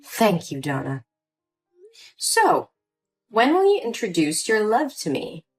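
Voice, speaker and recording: A woman's voice: medium pitch, wildly swooping pitch, slow pace, breathy edge, soft background music, heavily acted. Woman voicing a scheming older mother. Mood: sweet. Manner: sweet at first, then cold and dismissive. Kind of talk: scripted story voice acting.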